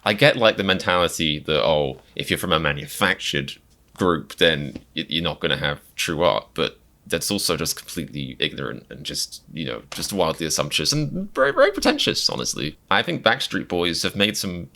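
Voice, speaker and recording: Male comedian with a deep yet crisp, forceful voice; casual, rambling, self-mocking reaction chat. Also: sing-song, moderate pace. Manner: chatty, filler-heavy, wry and self-mocking.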